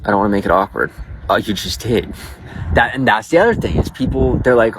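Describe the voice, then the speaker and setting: Guy livestreaming off his phone outside, loose slangy chat, lowish voice, street noise going. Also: brisk. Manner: slangy, loose, talks straight to viewers. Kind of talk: casual live-stream chat.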